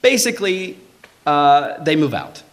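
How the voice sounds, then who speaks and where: A man telling a true personal story live on stage, in casual, swearing talk, acting out the voices of the people in it. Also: unhurried. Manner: animated, acts out quoted voices with big pitch jumps; swearing, conversational, frequent "like".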